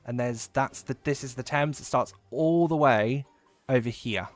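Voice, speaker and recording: A man's voice: mid-range voice, moderate pace. A man from England with an English accent and a bit of Midlands, chatting casually and rambling while streaming a game, with frequent swearing. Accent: English, with a touch of Midlands. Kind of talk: casual livestream chat while gaming.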